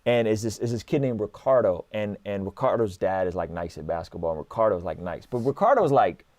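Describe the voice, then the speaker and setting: A man's voice: lowish voice, brisk, dry recording. A man in his thirties telling stories in casual conversation, acting out dialogue and often adding "like" and "right?". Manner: animated storyteller, acts out dialogue, frequent "like" and "right?". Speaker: guest.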